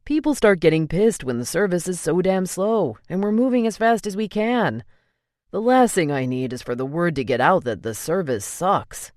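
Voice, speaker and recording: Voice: mid-range voice, animated, normal speed, a little mellow, dry recording, clean studio sound, voice pushed up, lightly acted. A narrator voicing a blunt young man who manages a restaurant and swears casually, read in an audiobook. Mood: urgent.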